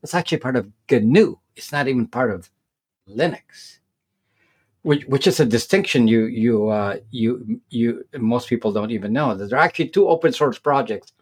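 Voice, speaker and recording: Halting man explaining tech. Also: mid-range voice, slightly rough. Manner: halting, many repeats and restarts. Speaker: tech video creator as guest. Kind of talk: casual explanatory interview talk.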